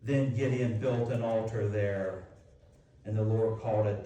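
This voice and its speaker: A man's voice: fairly low pitch, fairly even intonation, a little slow, dark tone. A man preaching a sermon in a church, retelling scripture dramatically and voicing the speakers in it. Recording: very echoey hall, heard from a distance.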